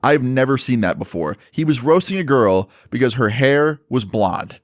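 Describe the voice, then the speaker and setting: A man casually telling a story from his school days, animated and swearing freely with lots of fillers. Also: medium pitch, moderate pace, no room sound, clean studio sound.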